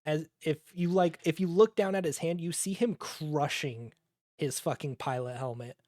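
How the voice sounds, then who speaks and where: Tabletop game master, loose and profane narration, dry sound, mid pitch. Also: moderate pace, darkish tone, no room sound. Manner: casual, profane, many fillers and restarts.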